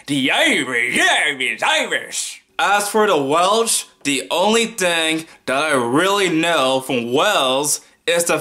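Brief: American male commentator, loud and mocking, slow deliberate delivery, bright tone. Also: on the high side. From United States. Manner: loud, mocking, breaks into laughs. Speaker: political commentary vlogger. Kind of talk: casual opinion commentary.

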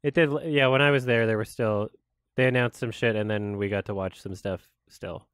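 A man hosting a casual reaction video, laughing often, swearing and breaking into loud excited exclamations between quieter musings. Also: lowish voice, moderate pace, smooth, dry recording, clean studio sound.

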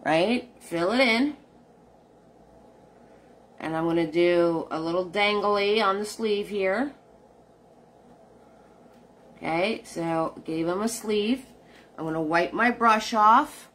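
Slow-talking woman teaching painting. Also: mid-range voice, fairly bright tone. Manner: chatty, talks to viewers while painting. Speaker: painting instructor. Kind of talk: live painting tutorial.

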